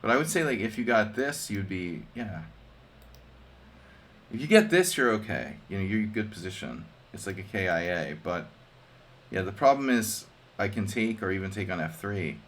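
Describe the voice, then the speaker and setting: A man talks through his chess moves on a live stream in a relaxed, joking way, often thinking aloud. His voice sits a little low. He chats with his viewers between variations. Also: normal speed. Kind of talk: casual live-stream commentary.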